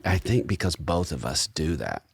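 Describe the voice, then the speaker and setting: A middle-aged man hosting a casual podcast discussion, telling stories in a relaxed, reflective way. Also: a bass voice, normal speed, gravelly, slightly rough, no room sound, studio quality. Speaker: podcast host.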